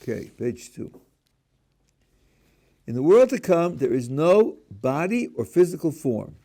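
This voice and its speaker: A man's voice: a little high, big pitch swings, measured pace, creaky, dark tone. A middle-aged man, a rabbi, teaching a class: he reads a passage aloud and then explains it, with frequent restarts. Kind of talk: text-based lecture.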